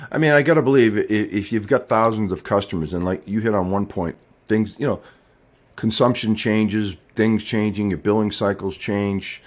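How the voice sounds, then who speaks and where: A man with a fairly low voice hosts a business podcast in a loose, conversational way. He asks long, meandering questions full of fillers and false starts. He sounds easygoing and chatty. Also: moderate pace. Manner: relaxed, rambling questions with many fillers and restarts. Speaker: podcast host. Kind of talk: casual interview chat.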